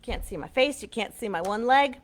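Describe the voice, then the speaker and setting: Lively sing-song storytime woman. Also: fairly high pitch, normal speed. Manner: animated, sing-song, coaxing questions to kids. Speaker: children's librarian. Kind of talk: reading a picture book aloud to small children.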